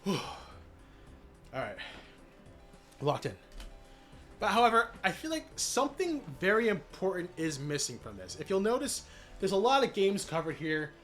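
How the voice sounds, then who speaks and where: A man streaming live, recapping his channel's year in a casual, energetic way with many fillers and shout-outs, voice cracking after being sick. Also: sits high, a little slow, pauses often, faint music behind. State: recovering from illness, voice cracking.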